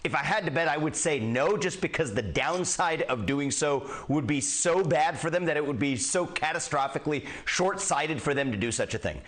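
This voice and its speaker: A man being interviewed on a news show, explaining his view in an earnest, measured way. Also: fairly high pitch, lively intonation, a bit bright. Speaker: interview guest.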